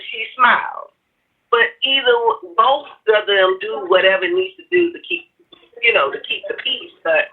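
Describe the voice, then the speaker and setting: Husky woman on a phone line. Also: fairly high pitch, recorded from a distance. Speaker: guest. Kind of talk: casual chat. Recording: telephone line.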